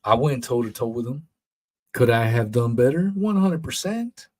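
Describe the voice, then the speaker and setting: A man's voice: mid-range voice, lively intonation, moderate pace, darkish tone. Blunt profane man hosting a podcast. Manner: blunt, profane, rambling, mocks others in put-on voices. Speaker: podcast host. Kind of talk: casual solo monologue.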